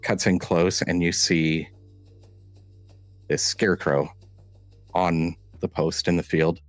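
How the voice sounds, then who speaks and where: A man narrating a tabletop role-playing game as game master, telling the scene in a halting, measured way with frequent restarts. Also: low voice, fairly even intonation, soft background music.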